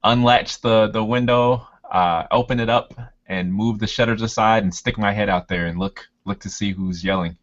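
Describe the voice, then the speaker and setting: A man playing a tabletop game, describing his character's actions in the first person with a drawn-out, musing delivery. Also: fairly low pitch, steady tone. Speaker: player. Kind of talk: first-person role-play narration. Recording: dull lo-fi recording.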